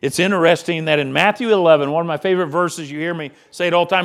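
Impassioned high-voiced male preacher. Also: fast, hardly any pauses, a bit bright. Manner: impassioned preaching, rising and falling delivery. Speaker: pastor. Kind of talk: sermon.

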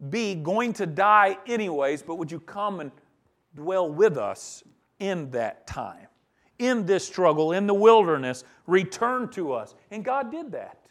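High-voiced man preaching a sermon. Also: sing-song, a little slow. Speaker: pastor.

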